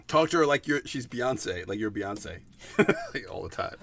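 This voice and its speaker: A man's voice: mid-range voice, very animated, moderate pace, fairly bright tone. A man chatting casually as a guest on his wife's podcast, jokey and rambling, laughing a lot. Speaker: podcast guest, host's husband. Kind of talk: casual chat.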